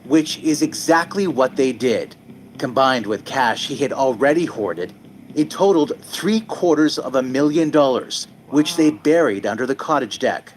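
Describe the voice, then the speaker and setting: Measured male documentary narrator. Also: mid-range voice, lively intonation, a little hiss or hum, poor audio. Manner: measured, dramatic storytelling. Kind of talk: scripted narration.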